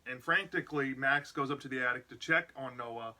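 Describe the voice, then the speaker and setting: A man's voice: mid-range voice, a little fast, pushed and bright. A man casually retelling a book's plot as a reviewer, rambling with lots of "like" and "you know". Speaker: book reviewer.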